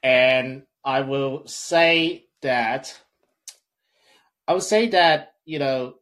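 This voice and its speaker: A man co-hosting a podcast, speaking haltingly and restarting often. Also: medium pitch, a bit bright. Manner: hesitant, halting, many fillers. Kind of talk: casual podcast talk.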